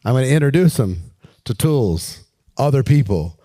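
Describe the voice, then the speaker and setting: A man coaching recruiters in an energetic, direct way, often asking his listeners questions while walking around. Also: medium pitch, normal speed, dry recording. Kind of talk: coaching talk with acted pitch demos.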